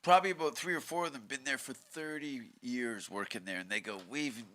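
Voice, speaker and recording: A Canadian man, a comedian guest, telling crude stories in a casual podcast chat and shouting out lines in bursts. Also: medium pitch, brisk, a crowd in the background. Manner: profane, shouts out heckler exchanges in loud acted bursts.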